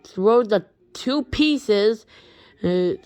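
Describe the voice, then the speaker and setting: A woman casually retelling a strange story, halting often and restarting her sentences. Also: mid-range voice, expressive, darkish tone, dry recording. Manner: halting, with many restarts and repeated words.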